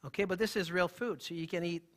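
The speaker is a male holistic health practitioner whose high-pitched voice moves at a quick pace. Animated and emphatic, he presents live while bantering with the crowd in the room.

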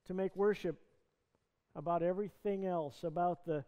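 A man's voice: high-pitched, fairly even intonation, normal speed, dark tone, smooth. A male pastor preaching a sermon, retelling a scripture story in earnest, conversational words. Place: church sanctuary. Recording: long reverb of a church hall.

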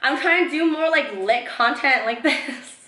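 A woman's voice: high-pitched, measured pace, pushed and bright, roomy sound. A tipsy young woman vlogger in her twenties, rambling through gossip with lots of giggles and "like". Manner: giggly, rambling, heavy use of "like". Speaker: beauty vlogger. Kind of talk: casual tipsy gossip chat.

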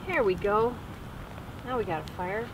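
Slow-talking woman vlogging at a camp. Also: medium pitch, animated, background noise. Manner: chatty, talks to her dog in a soft fond voice. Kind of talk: casual camp vlog. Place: off-grid wall tent camp in the woods. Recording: background music over the voice.

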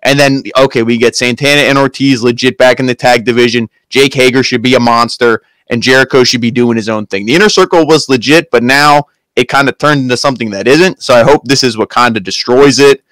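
A man's voice: mid-range voice, a little fast, hardly any pauses, a bit bright, no echo. Dry-sounding chatty male co-host. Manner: opinionated, chatty. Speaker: wrestling show co-host. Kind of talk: casual chat.

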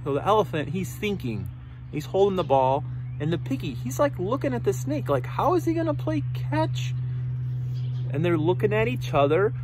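Animated man reading a picture book to kids. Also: high-pitched, a little fast, noisy background. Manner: animated, asks the listeners questions. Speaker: read-aloud storyteller for children.

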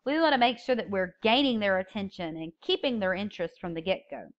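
A mid-range female voice, fairly quick and captured with lo-fi sound, teaches a public speaking course in a recorded lecture. She lays things out step by step and emphasizes key words when reading example openings.

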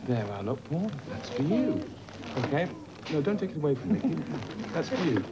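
A man with a high, bouncy voice that rises and falls widely as he coaxes children to join in. His tone is playful and cheerful, like a children's TV presenter, and the recording has plenty of background noise. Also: very animated, normal speed. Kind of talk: lively talk to children. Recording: noisy TV recording.

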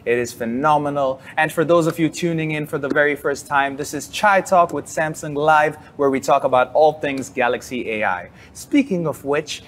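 A man's voice: fairly high pitch, moderate pace, hardly any pauses, slight background noise. Playful live-stream host, man. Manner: playful, enthusiastic, says "phenomenal". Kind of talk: lively live-stream chat.

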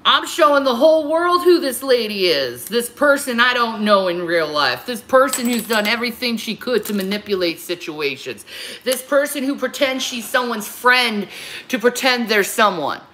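Furious high-pitched woman ranting profanely. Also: animated, moderate pace, fairly bright tone. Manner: profane, confrontational, repetitive. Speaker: livestreamer. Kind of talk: angry livestream rant.

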